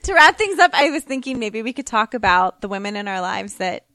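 Bright young woman steering the chat. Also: medium pitch, very animated, fairly quick, no echo. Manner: steers the talk back on topic. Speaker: podcast co-host. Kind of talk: casual chat.

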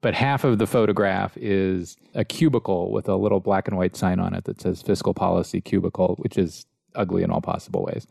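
A male interviewer with a low, gravelly voice recorded close and dry. He speaks bluntly with a wry, amused edge. His comments tease his guest. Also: steady tone, brisk, hardly any pauses, a little mellow, no room sound. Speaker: podcast host. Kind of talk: interview conversation.

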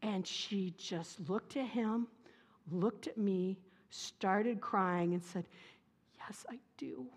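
A middle-aged woman pastor giving a sermon, telling personal stories in a lively, playful way. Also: mid-range voice, takes it slowly. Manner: lively, animated storytelling with playful humor. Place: church sanctuary. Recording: reverberant church sanctuary.

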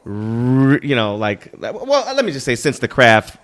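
A man's voice: mid-range voice, huge pitch swings, a little slow, a bit bright. A man in a casual podcast chat who rambles and jokes and laughs easily.

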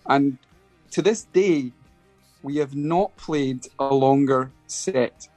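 A man's voice: mid-range voice, takes it slowly, dry recording, faint music behind. A Scottish man, a guest musician, telling a casual anecdote in an interview, hesitant with many restarts. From Scotland. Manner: hesitant, restarts often, animated storytelling.

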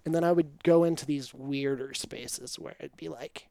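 A man's voice: on the high side, normal speed, no echo. A young man casually telling a story on a podcast, acting out quotes with swearing. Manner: animated, acts out quotes with swearing.

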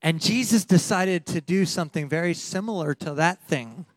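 A man with a notably high voice delivers a lively sermon, laughing often and acting out the people in his story. The sound is close and dry, with no room around it. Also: moderate pace, dry recording. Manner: animated, laughing, acting out quotes. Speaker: pastor.

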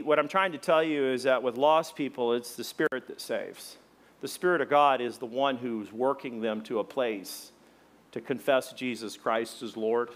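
A middle-aged man preaching a sermon to his congregation, with folksy, conversational talk full of fillers, acting out the shouted quotes in his stories. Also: mid-range voice. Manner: animated storyteller, acts out loud shouted quotes. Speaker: pastor. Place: church sanctuary before a congregation.

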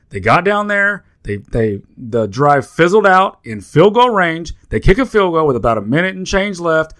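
A man with a slightly bright voice on the high side co-hosts a sports betting podcast, ranting heatedly and cursing as he keeps restarting his thoughts in casual chat.

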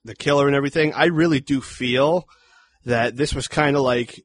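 A man's voice: medium pitch, moderate pace. A man co-hosting a podcast, chatting casually about a horror film, blunt and swearing freely. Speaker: podcast co-host. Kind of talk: casual film review chat.

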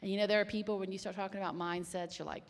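A woman's voice: medium pitch, racing, big-room sound. A woman preaching a sermon, telling stories with emphasis and dropping to whispers at times. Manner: swings from hushed whispers to loud exclamations; storytelling, animated and emphatic.

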